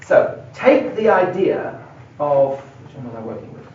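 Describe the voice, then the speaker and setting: A middle-aged man gives a university philosophy lecture in a lecture room, thinking aloud and stressing key words as he writes on a board. His voice is on the high side with big pitch swings, a little slow. The recording is echoey, dull and lo-fi, with a distant mic and slight background noise.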